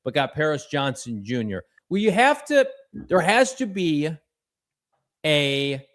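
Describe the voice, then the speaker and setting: A man's voice: fairly high pitch, very animated, slow pace, fairly bright tone. A man co-hosting a casual sports podcast, talking energetically and reading fan messages aloud. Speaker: podcast co-host.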